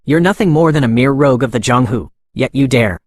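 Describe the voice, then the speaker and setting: A man's voice: medium pitch, animated, fairly quick, dry recording, lightly acted. Guy reading a bratty arrogant young prince, ranty, dry close sound. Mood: enraged. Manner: ranting, then begging. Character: arrogant young male prince, cruel, panicky.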